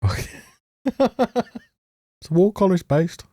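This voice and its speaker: Brief: male reviewer, mellow darker tone, profane, mocking rant commentary. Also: high-pitched, animated, slow, no echo, studio quality. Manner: sarcastic, heavily profane, mocking laughs. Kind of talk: ranting commentary over a show.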